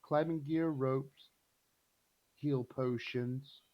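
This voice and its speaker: A man playing a tabletop game who speaks slowly and deliberately, listing items one by one. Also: mid-range voice, fairly even intonation. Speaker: player. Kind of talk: casual tabletop game chat. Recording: dull lo-fi microphone.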